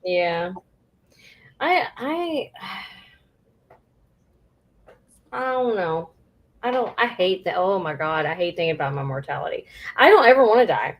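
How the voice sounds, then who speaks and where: A woman co-hosting a casual chat, blunt, teasing and expressive. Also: on the low side, takes it slowly, pauses often. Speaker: co-host.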